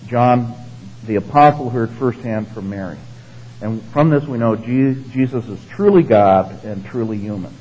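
A male pastor delivers a sermon with a husky, slightly breathy voice. He teaches conversationally, posing questions to the listeners and checking in with short tags. The recording sounds dull and lo-fi. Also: mid-range voice, a little mellow. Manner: conversational teaching, frequent "all right?" and "okay?" tags; asks the congregation questions.

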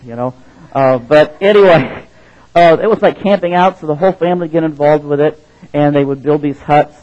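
A man preaching in a slightly high voice, relaxed and chatty with little jokes. He swells into loud, dramatic quotes of scripture now and then. The sound is dull and lo-fi. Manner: conversational, chuckling asides, rising to loud dramatic quotes. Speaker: pastor. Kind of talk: sermon.

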